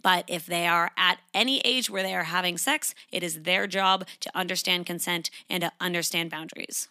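A young adult woman hosting a solo podcast, talking frankly and emphatically and putting on lively voices when she quotes people. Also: lowish voice, moderate pace, no echo, clean studio sound. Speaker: podcast host. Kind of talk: casual solo podcast talk.

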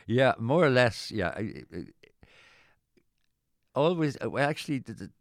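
A middle-aged Irish man chatting casually as an interviewee, rambling and halting with many restarts. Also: medium pitch, very animated, no room sound, studio quality. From Ireland. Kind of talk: casual chat.

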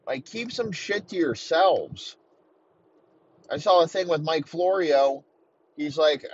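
A man's voice: a little high, lively intonation, takes it slowly, pauses often, slightly rough, lo-fi sound. A man hosting a sports podcast, ranting in a rambling way and swearing heavily. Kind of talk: profane sports rant.

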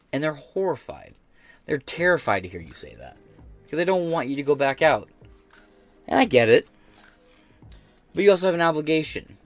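A man's voice: fairly high pitch, big pitch swings, moderate pace, pauses often, soft background music. An American man hosting a podcast, reacting to news in a blunt, profane rant. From United States. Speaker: podcast host. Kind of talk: casual reaction commentary.

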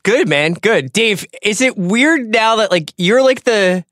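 Male guest, bright forceful voice, jokey banter, dry studio. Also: high-pitched, expressive, unhurried, no echo. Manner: joking, teasing. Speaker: editorial director, guest. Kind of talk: casual podcast banter.

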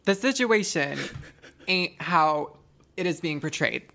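A woman's voice: lowish voice, expressive, takes it slowly, gravelly, fairly bright tone. A young woman co-hosting a casual couple's podcast, blunt and teasing, with plenty of swearing. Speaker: podcast co-host.

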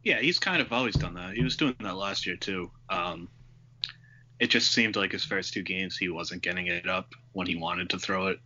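Deep dry-voiced man, podcast guest. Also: moderate pace, pushed and bright, slight background noise. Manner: dry, low-key. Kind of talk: casual sports podcast chat. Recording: dull lo-fi podcast audio.

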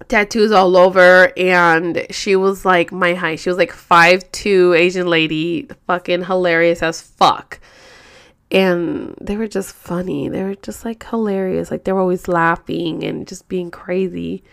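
A woman's voice: mid-range voice, gravelly, a bit bright. A woman, casually telling a rambling, profane story to her viewers. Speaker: vlogger.

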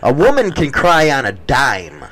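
A man's voice: medium pitch, huge pitch swings, a little slow, a crowd in the background, poor audio. A middle-aged man hosting a show, trading crude, profane teasing in casual banter. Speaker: show host.

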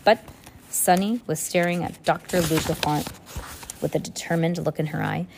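A woman's voice: on the low side, fairly even intonation, normal speed, creaky, darkish tone, a little hiss or hum. A woman reading a novel aloud chapter by chapter, breaking off now and then for casual asides. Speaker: reader.

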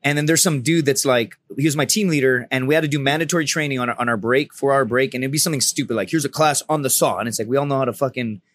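A man in his thirties, a podcast guest, telling a story in casual, profane talk and loudly acting out the people he quotes. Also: mid-range voice, very fast, hardly any pauses, dry recording.

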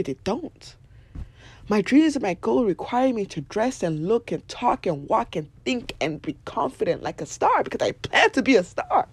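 Young woman podcast host, husky voice, dry close sound, blunt and animated, swears a lot. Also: a little high, no room sound. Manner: blunt and animated, swears freely, laughs often. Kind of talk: casual motivational talk.

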